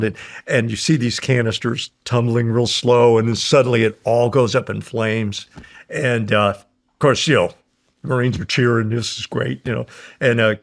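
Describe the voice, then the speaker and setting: Gravelly older man telling war stories. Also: medium pitch. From United States. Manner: rambling, chuckling, acts out quoted voices. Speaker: guest, war veteran. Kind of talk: casual storytelling.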